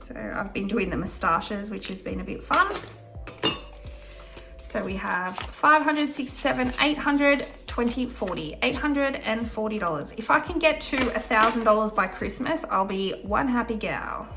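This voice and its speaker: A woman's voice: fairly high pitch, animated, normal speed, vocal fry, over music. A young Australian woman with an Australian accent, chatting upbeat in a casual vlog while counting cash aloud. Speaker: budgeting vlogger.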